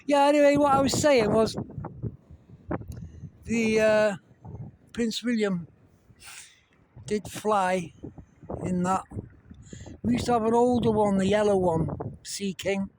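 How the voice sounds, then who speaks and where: A man's voice: high-pitched, slow pace, pauses often. A man filming outside on his phone, chatting casually and rambling as he talks the viewer through what he sees. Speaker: vlogger. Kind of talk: casual outdoor commentary. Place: outdoors in the wind. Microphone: phone, cupped by hand. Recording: windy phone recording with helicopter noise. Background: wind and helicopter rotor noise.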